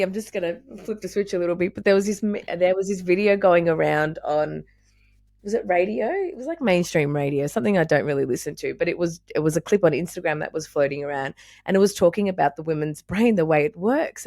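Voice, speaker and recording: A woman's voice: fairly low pitch, darkish tone, no room sound. Young woman hosting a podcast, laughs a lot, swears, dry close sound. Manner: candid, laughs often, swears freely. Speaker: podcast host. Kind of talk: casual conversation.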